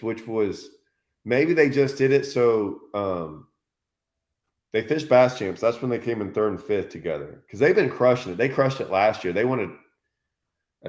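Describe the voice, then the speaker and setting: A man telling a lively story in casual chat, acting out quotes and laughing often. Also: medium pitch. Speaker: fishing channel host.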